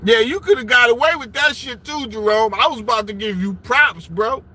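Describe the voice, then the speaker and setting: A man hosting a live stream from his car, ranting loudly with constant swearing and jokes. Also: very high-pitched, normal speed. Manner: loud, swearing, joking rants with bursts of laughter. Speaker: livestream host. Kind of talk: profane live-stream rant. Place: sitting alone in his car.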